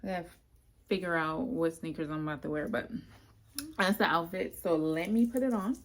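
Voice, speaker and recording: A woman filming a casual get-ready-with-me vlog, a bit out of breath and talking in a relaxed, chatty way with lots of ums. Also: lowish voice, normal speed. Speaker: beauty vlogger. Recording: noisy home recording. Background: household noise, a toddler nearby.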